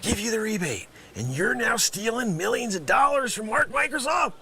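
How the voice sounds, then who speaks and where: A man playing a brash male scam caller posing as a tech company, yelling insults and swinging from loud to mumbled. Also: very high-pitched, expressive, moderate pace, a crowd in the background. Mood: pompous. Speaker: comedy sketch performer. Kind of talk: improvised comedy sketch.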